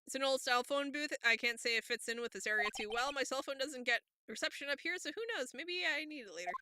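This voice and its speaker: A woman's voice: high voice, quick pace, noisy background, natural voice. A woman reading a game aloud, voicing a young male lawyer's dry, wry inner monologue in her own voice. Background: game music.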